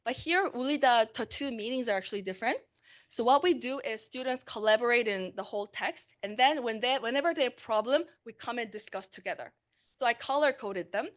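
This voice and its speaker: A woman's voice: fairly high pitch, expressive, fast talker, a bit bright. A woman, a language instructor giving a conversational conference talk on teaching translation, with fillers and self-corrections. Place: conference room.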